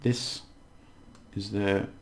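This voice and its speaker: A man teaching a casual language lesson, patiently breaking down words and slowly overpronouncing the examples. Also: fairly low pitch, flat delivery, slight background noise.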